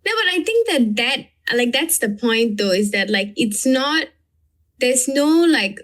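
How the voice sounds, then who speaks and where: A young woman in casual conversation with a fairly high pitch. She talks in a chatty way, full of "like" and loose restarts. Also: animated, a little slow, fairly bright tone. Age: young adult. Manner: chatty, uses many fillers. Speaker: co-host. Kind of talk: casual chat.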